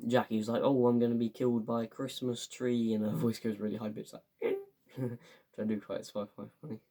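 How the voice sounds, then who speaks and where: A man's voice: on the low side, darkish tone. A young man, casually reviewing a show and rambling with lots of fillers and enthusiasm. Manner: rambling, filler-heavy, enthusiastic, acts out quotes. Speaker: fan reviewer.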